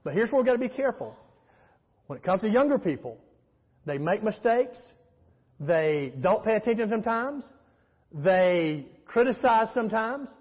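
Animated and high-pitched with a breathy edge, this man preaches as pastor at a moderate pace, pausing often. The emphatic sermon uses call-and-response and storytelling, recorded in a church sanctuary where the hall echoes and the sound is muffled.

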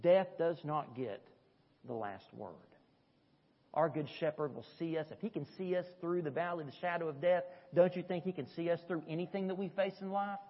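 A man preaching a sermon as pastor, swinging between soft, low passages and raised, emphatic peaks. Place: church sanctuary. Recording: dull, echoey church hall sound.

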